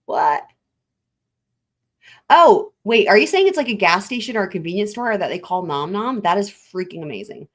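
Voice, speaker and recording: A woman's voice: mid-range voice, sing-song, normal speed. A woman hosting a casual livestream, chatting with her viewers in a rambling, laughing way, with a lilt. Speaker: livestream host.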